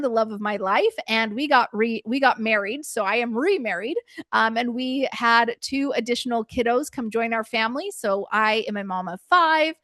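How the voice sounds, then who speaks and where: A middle-aged woman presenting a workshop as a preschool business coach. She tells stories in an animated way and acts out her own past reactions. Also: fairly high pitch, dry recording, clean studio sound.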